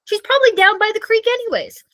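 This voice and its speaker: A woman's voice: very high voice, quick pace, bright, forceful tone, no room sound, poor audio. A Canadian woman co-hosting a casual ghost-story podcast, reading from her notes loosely and stumbling over names. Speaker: podcast co-host.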